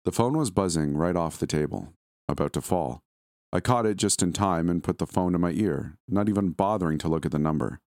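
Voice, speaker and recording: Deep-voiced man narrating horror. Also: no echo, clean studio sound. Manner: steady, measured storytelling. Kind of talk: scripted first-person horror narration.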